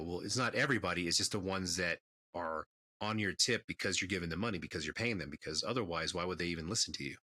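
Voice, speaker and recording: A man's voice: deep voice, fast, sharp tone. A man co-hosting a podcast, giving blunt opinions in casual chat. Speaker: podcast co-host.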